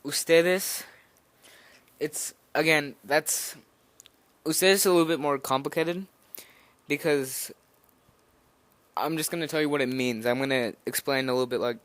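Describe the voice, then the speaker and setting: A man's voice: a little high, unhurried, pauses often, fairly bright tone, dry recording. A nervous young man giving an informal spoken language lesson, rambling a little with fillers and restarts as he explains. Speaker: language teacher.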